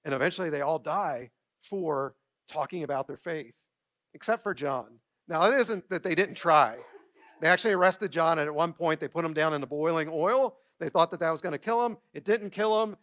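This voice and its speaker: A middle-aged man preaching a sermon from a church stage, telling stories in a lively way, acting out quotes and asking his congregation questions. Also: a little high, normal speed. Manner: storytelling, animated, acts out quotes and asks the congregation questions. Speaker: pastor.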